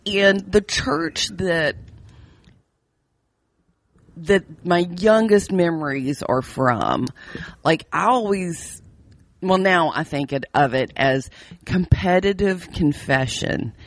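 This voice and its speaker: A woman co-hosting a casual podcast, speaking in a fairly low voice. She tells stories candidly and wryly, laughs often, and restarts her sentences as she goes. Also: lively intonation, slow pace, pauses often, no echo. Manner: wry about her strict religious upbringing. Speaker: podcast co-host. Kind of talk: casual chat.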